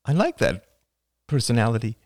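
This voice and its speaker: A man's voice: medium pitch, big pitch swings, moderate pace, a little mellow, no room sound, studio quality, pitched above the performer's own voice. A man reading the part of an earnest, curious young woman in an audiobook, asking questions. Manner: questioning, inquisitive.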